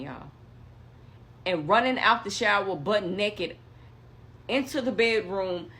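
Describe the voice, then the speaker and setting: A young woman telling a story in casual chat, animated and acting out what others said. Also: medium pitch. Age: young adult.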